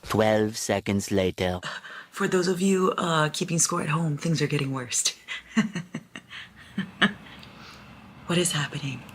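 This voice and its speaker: A woman vlogging casually about a book series, excitable, swearing and reacting loudly as she reads. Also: sits low, takes it slowly, long pauses, slight background noise, low-quality recording. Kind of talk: casual reading vlog.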